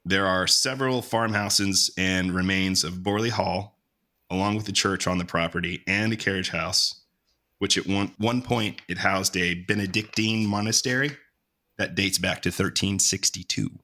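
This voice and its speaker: A low-pitched man with a bright, forceful tone, co-hosting a podcast. He tells the story in a laid-back way, joking and swearing as he goes. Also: moderate pace. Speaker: podcast co-host. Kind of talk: casual podcast chat and storytelling.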